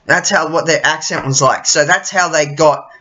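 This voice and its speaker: A man's voice: fairly high pitch, moderate pace, bright, forceful tone. A man rambling casually to camera, often losing his thread and swearing freely. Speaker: vlogger. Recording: dull lo-fi recording.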